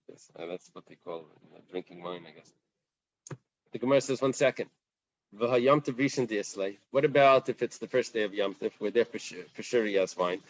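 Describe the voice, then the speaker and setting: A man's voice: on the low side, no room sound, lo-fi sound. A man teaching a casual Talmud class, talking things through and acting out the questions in the text. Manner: conversational, animated, acts out the Gemara's questions.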